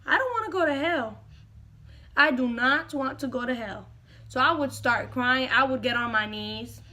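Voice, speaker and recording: A woman's voice: sits high, normal speed, sharp tone. A young woman vlogger dramatically retelling a personal story to camera, repeating lines for effect.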